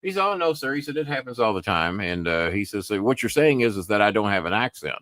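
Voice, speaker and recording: A man's voice: on the low side, lively intonation, fast talker, fairly bright tone, no room sound. A man hosting his own podcast, retelling a phone call in a rambling way with lots of "I said" asides and frequent swearing. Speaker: podcast host. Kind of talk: casual storytelling monologue.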